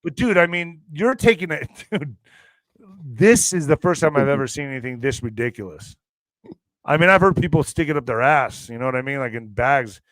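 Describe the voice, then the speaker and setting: Brief: man, show host, bright and crisp, dry close sound, joking, profane, emphatic. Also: mid-range voice, moderate pace, no room sound. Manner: joking and profane, laughs often; loud bursts of emphasis. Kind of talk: casual news commentary.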